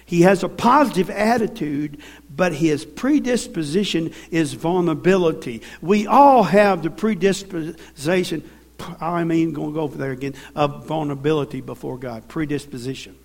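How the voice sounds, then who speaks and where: A man's voice: on the high side, moderate pace, darkish tone. A man with a Southern US accent preaching a sermon in a church, telling folksy stories and calling for amens. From American South. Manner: folksy storytelling with call-and-response.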